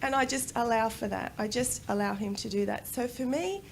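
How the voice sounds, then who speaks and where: A woman speaks from the stage at a conference, with a voice slightly higher than most. She talks with lively energy and draws out the phrases she wants to stress. A faint hiss of noise sits under her voice. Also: vocal fry. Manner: animated, slows down to stress key phrases. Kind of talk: conference talk.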